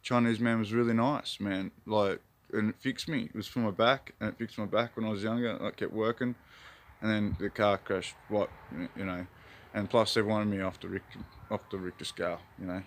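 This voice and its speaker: In this rambling outdoor vlog, an Australian hobby gardener shoots his backyard on a phone and muses in a laid-back, spiritual way. His fairly low voice is steady and moderately paced, with slight background noise.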